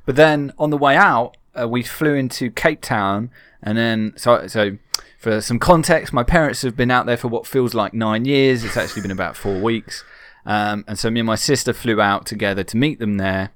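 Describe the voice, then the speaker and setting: A man's voice: medium pitch, normal speed, few pauses, a bit bright, no room sound. A man co-hosting a casual podcast, telling rambling, self-mocking travel stories. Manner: chatty, self-mocking storyteller. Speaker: podcast co-host.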